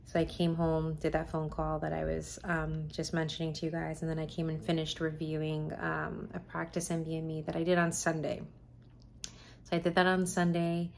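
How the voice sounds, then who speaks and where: A woman in her twenties talks to her camera in a low, gravelly voice. She sounds tired and candid, and she rambles with plenty of "um"s. A faint hiss sits under her voice. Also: monotone, normal speed, darkish tone. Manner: candid, chatty, many fillers. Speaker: medical student vlogger. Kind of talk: casual vlog chat. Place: home.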